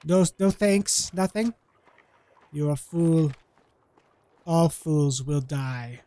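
A man's voice: fairly high pitch, extremely slow, warm tone, no echo. A man voicing a grandiose, menacing male wasteland wanderer in a melodramatic put-on accent while playing a game. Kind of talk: let's play role-play voice.

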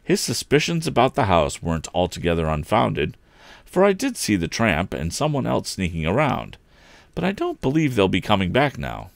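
A man reading a storybook aloud, voicing an earnest young male inventor in a raised, excited voice. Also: moderate pace, creaky, dry recording, full character voice. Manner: excited, pitched well above the reader's own voice.

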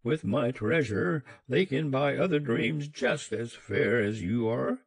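A man playing a cruel, greedy old man who speaks harshly and gives orders, loud and slow. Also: medium pitch, lively intonation, slightly rough, no room sound, exaggerated voice. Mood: harsh demanding. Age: older. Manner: harsh, commanding.

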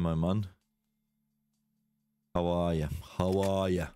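A man's voice: deep voice, animated, slow, long pauses, darkish tone, clean tone. A man, chatting casually with viewers while streaming a shooter game, exclaiming and laughing. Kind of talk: casual live-stream gaming chat.

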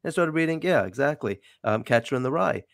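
A man with a New York accent, born in the city, hosting a casual interview with wry, animated chat. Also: medium pitch, brisk, creaky, no echo, studio quality. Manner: chatty, wry, animated sign-offs. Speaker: show host.

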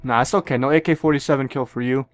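A man's voice: medium pitch, steady tone, fast talker, no echo. A young man giving profane, joking commentary on a shooter game, with sudden yelps. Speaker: gameplay commentator. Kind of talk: casual gameplay commentary.

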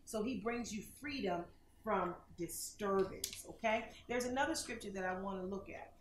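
A woman's voice: medium pitch, normal speed, slight background noise. Emphatic woman preacher in an echoey room. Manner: dramatic, swings loud and soft, asks questions. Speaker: minister hosting a TV broadcast. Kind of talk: preaching sermon with call-and-response.

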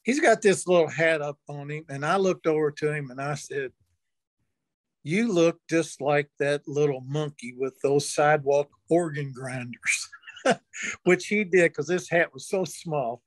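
A man's voice: fairly high pitch, a little slow, dry recording. An older man, an interview guest, telling a long folksy anecdote and chuckling now and then. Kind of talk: storytelling in an interview.

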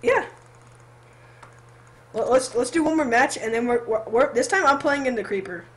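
A woman giving excitable, giggly let's play commentary while gaming, shouting when thrilled. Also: sits high, moderate pace. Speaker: gamer.

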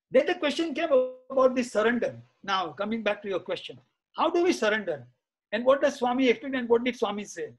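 A man's voice: extremely high pitch, expressive, fairly quick, rough recording. A middle-aged man, an interview guest, recounting anecdotes in a chatty, reminiscing way, full of "you see" and "uh". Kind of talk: anecdotal storytelling in conversation.

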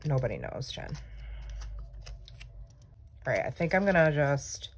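While she decorates her planner, a young female vlogger talks in a low, sing-song voice at a measured pace. Her casual chat wanders, full of self-teasing asides, and slight background noise can be heard.

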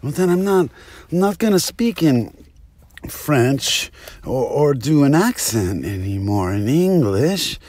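Guy rambling thru an improvised comedy bit, slow drawn-out talk, keeps jumping topics. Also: medium pitch, sing-song, darkish tone, no echo. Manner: rambling, jumps between topics, self-interrupting. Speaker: comedic monologuist. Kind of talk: rambling improvised comic monologue.

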